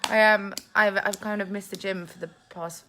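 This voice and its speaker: A woman's voice: mid-range voice, steady tone, moderate pace, noisy background. Chatty woman on a phone live stream. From England. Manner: chatty, reads viewer comments aloud, laughs often. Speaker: vlogger hosting a live Q&A. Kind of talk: casual live-stream chat. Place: at home with family. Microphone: phone held in hand.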